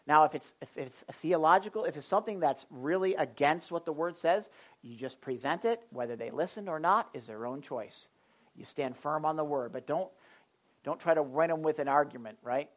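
A pastor preaching to a small group, talking straight to the people in front of him. His voice swings between loud, emphatic points and quiet asides. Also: on the high side, normal speed. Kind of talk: sermon to a small Bible study group.

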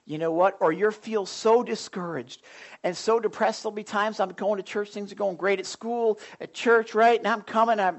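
A man preaching a sermon, telling stories and acting out his own thoughts in an animated way. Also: sits high, normal speed.

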